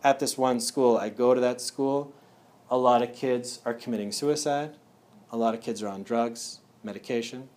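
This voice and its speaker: A man's voice: mid-range voice, fairly even intonation, moderate pace, darkish tone. A man speaking casually to a live audience at a wellness talk. He often checks in with "yeah?" and "right?".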